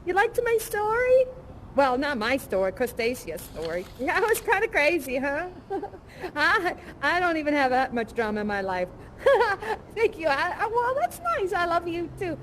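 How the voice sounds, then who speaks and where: A woman's voice: very high voice, sing-song, normal speed, a bit bright, a little hiss or hum, heavily acted. A young woman performing a bubbly bar worker character who chats and gushes with guests at a live immersive show. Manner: chatty, gushing, giggly, rambling. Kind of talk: improvised in-character audience interaction.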